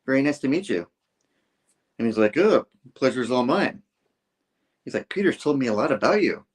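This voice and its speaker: A man's voice: mid-range voice, very animated, normal speed, husky. A man casually retelling a comic book scene by scene, acting out the characters' lines in loose voices. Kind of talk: casual chat.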